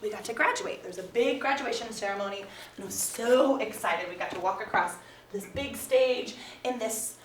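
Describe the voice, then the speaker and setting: A woman who teaches theatre tells a lively, laughing story to a live audience. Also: fairly high pitch, moderate pace, distant mic. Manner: animated, laughing often. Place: performance room with an audience. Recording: echoey room, mic from afar, crowd noise.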